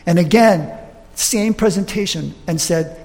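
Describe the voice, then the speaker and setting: A man preaching, retelling a story with lively restarts and acted quotes. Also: sits high, a little slow, big-room sound. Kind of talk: sermon storytelling.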